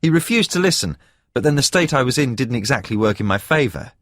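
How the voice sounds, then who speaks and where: Expressive male audiobook narrator. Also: medium pitch, no echo, studio quality. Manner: measured storytelling with expressive emphasis. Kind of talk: scripted first-person narration.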